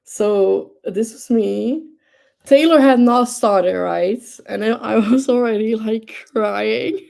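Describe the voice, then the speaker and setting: A woman's voice: fairly high pitch, slow, creaky, darkish tone. A young woman hosting a livestream, chatting casually and gushing with enthusiasm, with lots of fillers. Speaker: livestream host. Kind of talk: casual chat.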